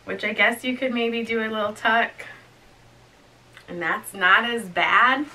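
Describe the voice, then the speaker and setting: This young woman's slightly high, sharp voice keeps a measured pace on a rough recording. Vlogging a clothing unboxing and try-on, she chats casually, giggles often and talks to herself.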